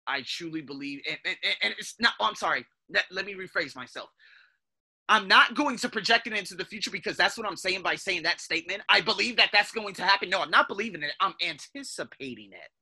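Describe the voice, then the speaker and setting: A man hosting a podcast, giving a casual motivational monologue in an animated way, calling his listeners "guys" and often restarting his sentences. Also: high voice, fast talker. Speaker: podcast host.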